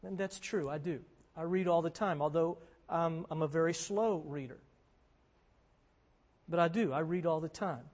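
High-pitched male pastor, earnest chatty sermon, lots of repeating for emphasis, echoey church. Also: moderate pace, pauses often, darkish tone. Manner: earnest, conversational preaching with emphatic repetition. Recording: long hall reverb.

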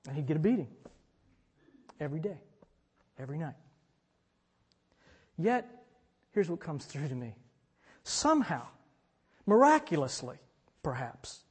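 Slow, deliberate high-voiced preacher. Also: male voice, sing-song. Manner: slow and deliberate, swinging between emphatic and hushed. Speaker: pastor. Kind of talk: sermon. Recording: long reverb in a large hall.

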